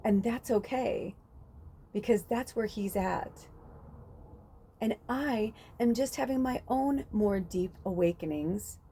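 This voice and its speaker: A woman's voice: mid-range voice, slow, warm tone, a little hiss or hum. A woman hosting a spiritual podcast, talking in a casual, rambling monologue full of fillers and the odd swear word.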